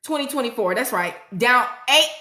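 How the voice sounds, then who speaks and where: A middle-aged woman nurse hosting a casual livestream, excitedly reading viewers' comments aloud and hyping them up. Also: on the high side, normal speed, reverberant, very noisy. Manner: excitable, hypes viewers up, frequent "y'all".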